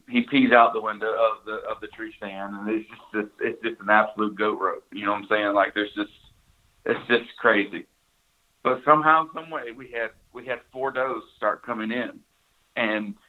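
A man's voice: on the low side, fairly even intonation, moderate pace. A man, casually telling a hunting story, full of restarts and "you know"s. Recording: tinny phone-like line.

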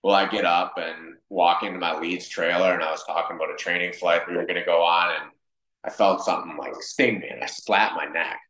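A man with a deep, low voice tells stories in a loose, conversational way, acting out each quoted line. He is a podcast guest from Wisconsin. His voice carries a noticeable roomy echo. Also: fairly quick. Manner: animated, acts out quoted dialogue. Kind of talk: casual storytelling in conversation.

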